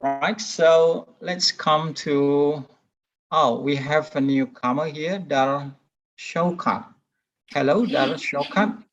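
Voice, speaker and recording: A man's voice: a little high, slow pace, fairly bright tone. A man hosting an online discussion, patiently repeating his questions over a call. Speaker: meeting host. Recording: dull, lo-fi call audio.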